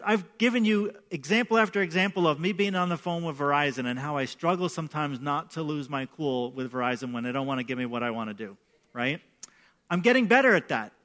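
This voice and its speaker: Preaching as a pastor, a man from New York shares personal stories in a chatty way, repeatedly asking "right?" His voice is fairly high and a bit bright.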